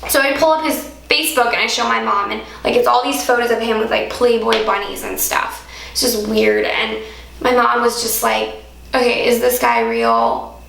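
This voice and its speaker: A woman's voice: on the high side, fairly even intonation, normal speed, vocal fry, a bit bright, a little hiss or hum. A young woman from Alaska, telling a personal story to camera in a chatty vlog style, full of "like". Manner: chatty, heavy use of "like". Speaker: vlogger. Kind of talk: casual story-time monologue. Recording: echoey room.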